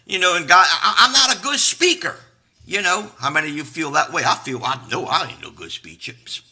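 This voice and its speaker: Brief: male pastor, live-stream sermon, unpolished and folksy, bright voice on the high side, husky edge. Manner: folksy, talks straight and unpolished, greets viewers by name. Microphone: live stream to a camera.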